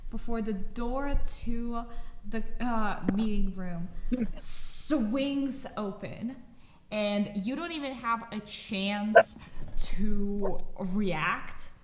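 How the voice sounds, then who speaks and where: Lady gm setting the scene real slow, bright voice, roomy echo. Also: medium pitch, a little hiss or hum. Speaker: game master. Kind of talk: narrating a tabletop game. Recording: echoey room.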